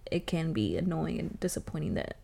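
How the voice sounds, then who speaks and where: A young woman co-hosting a podcast, telling stories in an animated, laughing, casual way with plenty of swearing. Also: deep voice, a little fast, gravelly, breathy edge. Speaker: podcast co-host. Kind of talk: casual chat. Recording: faint background noise.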